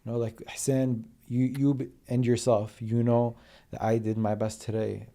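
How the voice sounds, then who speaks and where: A man hosting a podcast interview, thinking out loud in a halting way with many fillers. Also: medium pitch, flat delivery. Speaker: podcast host. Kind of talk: casual interview chat.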